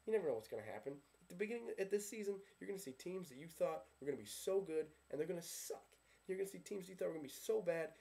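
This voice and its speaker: A man's voice: a little high, creaky, mellow. Sarcastic man ranting about football. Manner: sarcastic, ranting, keeps asking himself questions. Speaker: sports vlogger. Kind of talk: casual fan rant.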